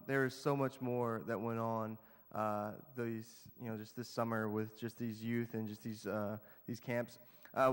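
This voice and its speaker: A man's voice: mid-range voice, clear, resonant tone. A man, a youth pastor, thanking the congregation with many "um" and "uh" fillers. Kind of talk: church announcements. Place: church sanctuary. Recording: long church hall reverb.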